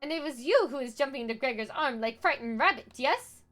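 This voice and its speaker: A woman's voice: high-pitched, lively intonation, a little fast, a bit bright, soft background music. A woman voicing a jovial, boastful male mercenary who speaks in broken grammar and refers to himself by name. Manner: jovial and swaggering.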